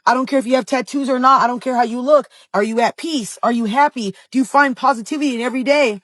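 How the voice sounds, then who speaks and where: A woman's voice: high voice, fast, fairly bright tone, no echo, studio quality. Blunt woman preaching dating advice.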